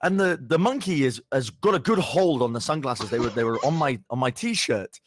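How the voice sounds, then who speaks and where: Animated sweary young man telling a story. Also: medium pitch, normal speed, slight background noise. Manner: animated, sweary, stumbling restarts. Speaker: podcast co-host. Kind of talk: casual storytelling chat.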